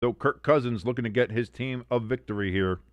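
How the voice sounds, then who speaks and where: A man's voice: medium pitch, fairly quick, dry recording, highs cut off. Chatty, sarcastic man hosting a game stream. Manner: chatty and sarcastic, with mocking asides. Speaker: sports watch-along host. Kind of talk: casual live sports commentary.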